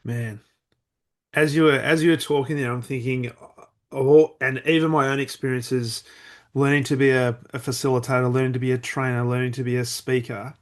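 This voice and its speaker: A man's voice: medium pitch, level tone, moderate pace. Reflective male podcast host. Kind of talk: conversational interview.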